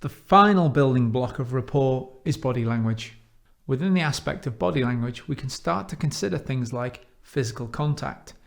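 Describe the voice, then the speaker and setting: Male trainer, mid-pitched, measured delivery with slowed emphasis on key points. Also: lively intonation, gravelly. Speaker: coaching trainer. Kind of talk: instructional talk.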